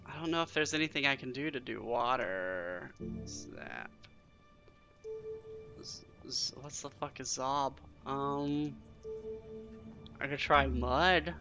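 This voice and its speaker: A man doing let's-play commentary, reading game text aloud and reacting with excited, cursing self-talk. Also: medium pitch, takes it slowly, long pauses, highs cut off, music in the background. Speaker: game streamer.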